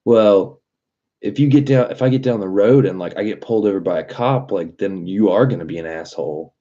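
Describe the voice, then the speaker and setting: A man's voice: on the low side, brisk, warm tone, lo-fi sound, pitched above the performer's own voice, lightly acted. Man's impression of an entitled customer woman, whiny and indignant.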